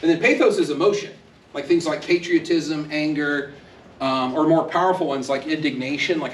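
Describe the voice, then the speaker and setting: Guy lecturing a class, kinda high voice, jokey, recorded far off in a roomy hall with faint hum. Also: moderate pace. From Texas. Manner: conversational, joking, acts out quoted voices. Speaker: university lecturer. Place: university classroom. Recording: echoey classroom, speaker far from mic.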